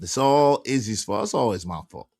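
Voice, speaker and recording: A man's voice: mid-range voice, animated, normal speed, creaky, a little mellow, no room sound, studio quality. A man hosting a casual livestream, reading viewer comments aloud and calling out guests and viewers by name. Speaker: show host.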